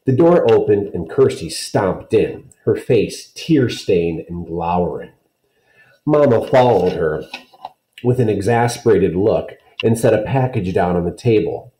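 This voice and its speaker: A man's voice: low voice, expressive, measured pace, warm tone, echoey room, rough recording. A man, a teacher, reading a children's novel aloud to students, friendly and checking in with listeners.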